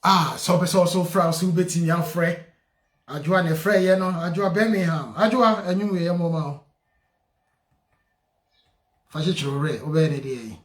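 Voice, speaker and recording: Lively high-voiced Ghanaian radio host. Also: male voice, moderate pace, echoey room. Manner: lively, switches languages, reads out names with a singsong refrain. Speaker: radio show host, solicitor. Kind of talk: call-in radio talk, mixing Twi and English.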